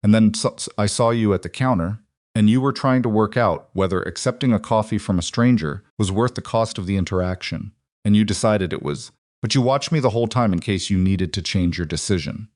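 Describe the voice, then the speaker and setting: A man reading the lines of a reserved, careful crime boss, spoken slowly and evenly in his own voice. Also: on the low side, no room sound, studio quality, lightly acted. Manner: slow, even, careful wording.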